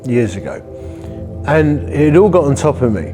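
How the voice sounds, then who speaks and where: A man's voice: mid-range voice, big pitch swings, normal speed, over music. A man, a church-planting vicar, telling a personal story in a conversational, vivid way and acting out the voices. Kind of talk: storytelling testimony.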